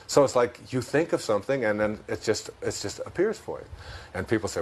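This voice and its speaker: His voice is on the low side, animated and a little fast, with a bit of hiss or hum on the recording. The man, an interview guest with a Detroit accent, muses thoughtfully on spirituality and laughs often while recounting stories.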